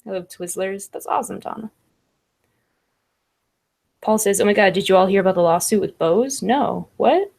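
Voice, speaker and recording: Chatty woman with a gravelly edge. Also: medium pitch, normal speed, pauses often, a little mellow. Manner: laughs often, fillers like "like" and "I don't know". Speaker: livestream host reading chat. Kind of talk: casual chat.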